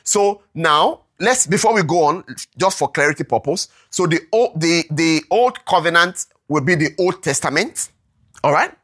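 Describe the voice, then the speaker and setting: A preacher teaching scripture to a congregation, with a voice that rises and falls freely. The verses are read slowly and deliberately, and the teaching is broken up by frequent check-ins and questions to listeners. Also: medium pitch, expressive, fairly bright tone. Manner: checks in constantly with "all right?" and asks the room questions. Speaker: Bible teacher. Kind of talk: interactive Bible teaching to a congregation.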